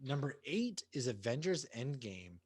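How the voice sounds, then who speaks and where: Podcast co-host, male, 30s, animated and swearing, swooping intonation, dry close sound. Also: mid-range voice, a little slow, breathy edge, no room sound. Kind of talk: casual chat.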